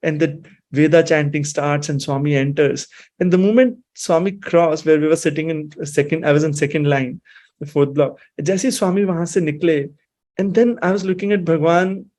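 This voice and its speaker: A man in his thirties from Himachal with an Indian English accent, sharing a personal devotional story in a reflective, emotional and halting way. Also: on the high side, a little mellow. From Himachal Pradesh, India. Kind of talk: personal testimony, mixing English and Hindi.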